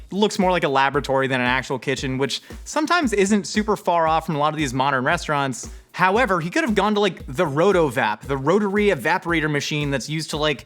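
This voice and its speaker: A man hosting a comedic rant about a movie, animated and sarcastic, often jumping into high-pitched voices. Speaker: host.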